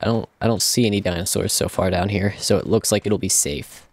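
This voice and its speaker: A man's voice: on the low side, steady tone, fairly quick, dry recording. A young man casually commentating his own gameplay, chatty and joking, talking to himself as he plays. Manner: chatty, talks to himself, jokey and self-mocking. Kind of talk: casual let's-play commentary.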